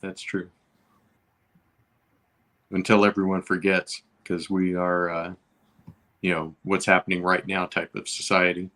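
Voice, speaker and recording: Easygoing low-voiced man in casual chat. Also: completely flat delivery, measured pace, pauses often, sharp tone. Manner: easygoing, agreeable, fills with "uh" and "you know". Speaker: guest.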